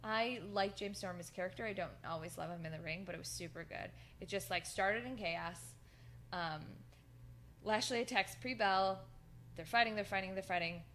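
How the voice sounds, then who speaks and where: A woman's voice: mid-range voice, normal speed, fairly bright tone. Woman, podcast co-host, rambling casual recap, filler-heavy. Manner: rambling, lots of fillers, laughs through quotes. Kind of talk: casual chat recapping wrestling.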